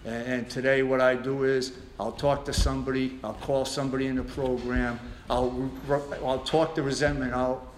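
A man's voice: medium pitch, flat delivery, normal speed. A middle-aged man telling his recovery story at a meeting, blunt and profane, with many restarts. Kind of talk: personal recovery share. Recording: echoey room with background noise.

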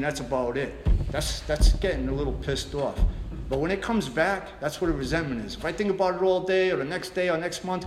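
Middle-aged man, blunt and profane, sharing his story in a roomy hall over steady background noise. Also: a little high. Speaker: recovery meeting speaker. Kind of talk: personal recovery share. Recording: echoey room with background noise.

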